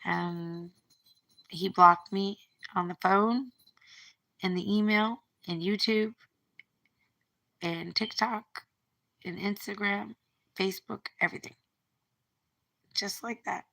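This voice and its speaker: A woman's voice: medium pitch, fairly even intonation, slow pace, vocal fry, pauses often, fairly bright tone. A middle-aged woman talking through a breakup on a phone livestream, rambling and repeating her words as she retells what was said. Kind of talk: emotional personal monologue.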